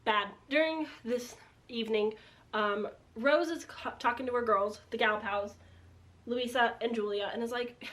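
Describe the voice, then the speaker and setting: A woman's voice: fairly high pitch, unhurried, a bit bright. A young woman casually recapping a book she dislikes, chatty and sarcastic, filling her talk with "like", recorded on a built-in camera mic. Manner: chatty, sarcastic, heavy use of "like". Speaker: book reviewer. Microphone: built-in camera mic, no external microphone.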